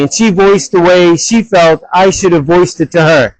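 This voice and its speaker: A man working as a hot rod mechanic in his garage, talking bluntly and loudly in a casual vlog while wearing a headset. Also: high-pitched, normal speed, no room sound, rough recording. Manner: blunt, direct and talks loud. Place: car garage. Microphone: headset mic.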